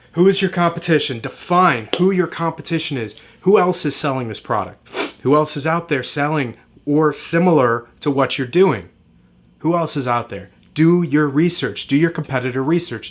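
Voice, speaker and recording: A man giving a direct-to-camera marketing lesson, emphatic and repetitive in a motivational way. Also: on the high side. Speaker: marketing coach.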